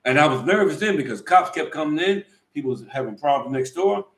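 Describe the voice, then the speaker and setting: A middle-aged American man co-hosting a vlog talks rapidly, emphatically, and a bit preachily during a casual live chat. His fairly high voice has lively intonation and a fairly bright tone, and the room is echoey.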